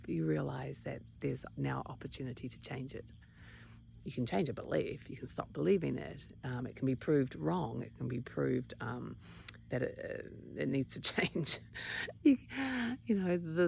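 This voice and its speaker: A woman who teaches meditation, giving a reflective talk in a gentle, searching way that often trails into a whisper. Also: deep voice, vocal fry, a little hiss or hum.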